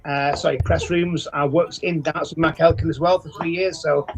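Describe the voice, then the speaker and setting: A man with a notably high voice talks as a guest commentator on a live darts broadcast. He is chatty and loud, and he readily promotes his own writing. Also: fairly even intonation, moderate pace, poor audio.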